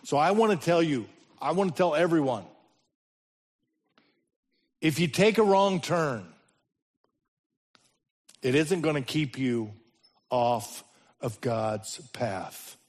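Male pastor, unhurried sermon delivery, higher voice, sudden loud rises and hushed drops. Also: animated.

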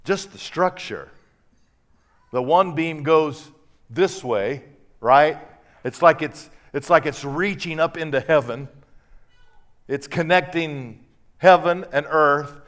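A man's voice: a little high, takes it slowly, pauses often, fairly bright tone. A man preaching a sermon to a congregation, building emphasis through repeated phrases. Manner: preaching with rising emphasis and repetition. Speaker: pastor.

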